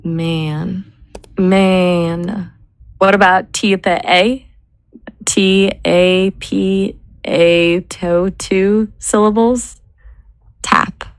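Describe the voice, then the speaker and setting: A woman brainstorming names in casual chat, measured and spelling words out letter by letter. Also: on the low side, fairly even intonation, no room sound. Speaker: brainstorming assistant.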